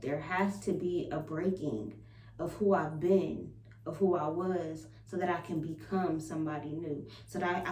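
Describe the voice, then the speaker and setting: A young adult woman talking candidly in a personal vlog, frank and expressive and swearing freely. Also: lowish voice. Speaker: vlogger and spiritual practitioner. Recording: roomy sound from a distant mic with faint ambience.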